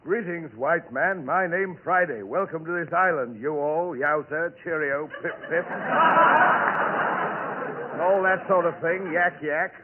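A man's voice: sits high, animated, normal speed. A man playing a pompous island native in an old radio comedy sketch, talking in mock-formal broken speech with a drawl. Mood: hammy. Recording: old lo-fi radio broadcast with loud hiss.

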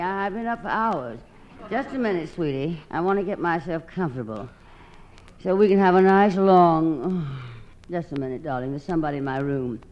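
A woman with a husky, theatrical drawl doing a sardonic, self-mocking comic monologue as one side of a phone call. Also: lowish voice, normal speed. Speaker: comedienne. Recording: dull old recording with loud hiss.

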